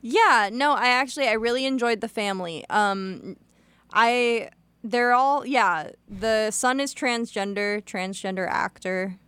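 A woman's voice: unhurried, fairly bright tone, clean tone, dry recording. Woman chatting on a podcast, jokey, lots of likes, dry close mic. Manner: joking, uses filler words like "like" and "low-key". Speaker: podcast co-host. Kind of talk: casual chat.

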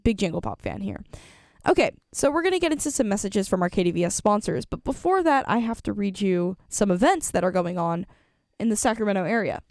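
A woman's voice: mid-range voice, expressive, brisk, a little mellow, no room sound, studio quality. A young woman, a college radio DJ chatting casually on air, rambling with lots of fillers and self-corrections. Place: radio studio.

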